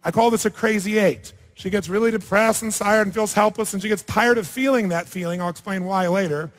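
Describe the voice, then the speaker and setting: This man's voice is high and a little fast as he runs a live seminar, coaching a participant before an audience. His manner is blunt and provocative, with free swearing. The large hall gives the recording a long reverb.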